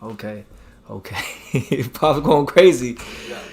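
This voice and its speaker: A man hosting a live boxing stream, talking excitably, repeating himself and reading out the chat. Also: mid-range voice, slow, vocal fry. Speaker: boxing channel host.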